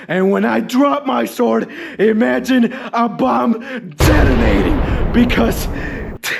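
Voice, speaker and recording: A man telling a comedic story about his school days, dramatic and exaggerated, sometimes bursting into shouts. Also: sits high, vocal fry, husky. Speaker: storyteller and channel host.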